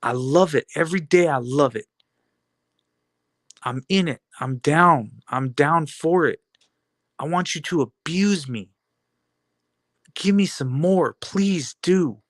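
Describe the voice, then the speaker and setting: A man with a somewhat high voice delivers a defiant motivational monologue. He taunts the listener with rhetorical questions and hammers on repeated phrases. The sound is dry and close, with no room echo. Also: slow, pauses often. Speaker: video blogger.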